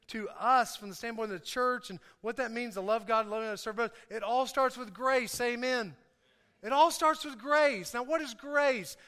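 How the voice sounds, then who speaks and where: High, bright-voiced male preacher. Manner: lively, joking, calls for audience response. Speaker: pastor. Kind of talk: sermon. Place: church hall. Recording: echoey hall.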